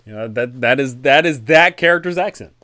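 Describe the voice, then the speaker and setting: A man hosting a casual tabletop-game advice talk, animated and rambling, correcting himself often. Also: mid-range voice, fairly quick, no room sound, studio quality. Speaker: dungeon master and channel host.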